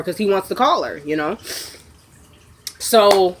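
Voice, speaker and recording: A sniffly woman in casual chat, recapping a TV episode and acting out the characters' lines in quick asides. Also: mid-range voice, fairly bright tone.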